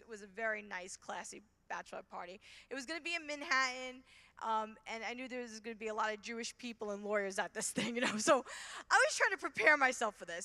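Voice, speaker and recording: A woman with a high, bright voice tells a faith testimony to a conference audience. She speaks as a youth minister. She plays out each conversation in different voices. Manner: animated, acts out dialogue with voices.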